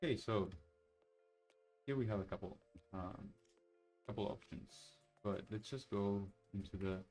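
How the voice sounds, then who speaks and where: Low-voiced man thinking aloud over a demo. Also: measured pace, darkish tone, faint music behind, poor audio. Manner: thinking aloud, many fillers and restarts. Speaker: software developer demoing his project. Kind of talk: casual screen-share walkthrough.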